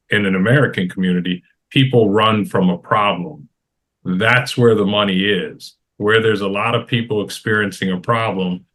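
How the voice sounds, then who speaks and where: A man's voice: lowish voice, fairly bright tone. A middle-aged man on a roundtable panel, talking in an emphatic, advice-giving way and repeating phrases for stress. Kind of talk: casual roundtable discussion.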